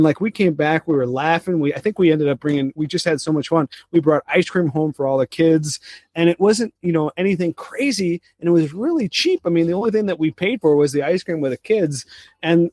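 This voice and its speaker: A man's voice: on the high side, darkish tone, no echo, clean studio sound. A middle-aged man co-hosting a parenting podcast, telling a family story in a casual, rambling way with many restarts and fillers. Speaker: podcast co-host. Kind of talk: casual chat.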